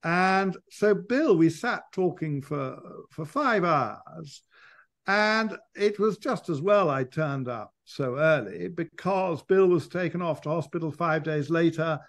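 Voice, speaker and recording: Thoughtful man, slightly high voice. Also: lively intonation, slow. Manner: thoughtful, digressive storyteller with frequent restarts. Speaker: biographer, interview guest. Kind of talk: conversational interview.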